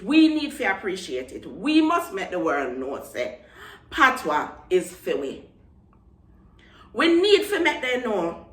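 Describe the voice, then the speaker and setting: Animated Jamaican woman, roomy sound. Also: lowish voice, unhurried. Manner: passionate, mixes Patois phrases into English. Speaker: vlogger. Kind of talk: casual chat to camera. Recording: roomy echo, mic at a distance.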